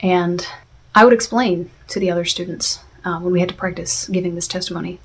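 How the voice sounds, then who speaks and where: A woman's voice: on the low side, steady tone, fairly quick, slight background noise. A woman talking through a series review in a casual, reflective way, with many fillers and restarts. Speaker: video essayist.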